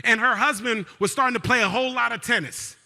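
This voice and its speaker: A man giving a motivational keynote, leading the crowd in call-and-response and telling a story that swings between loud and hushed. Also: very high voice, quick pace, gravelly. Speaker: keynote speaker. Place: large event hall. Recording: live hall with long reverb.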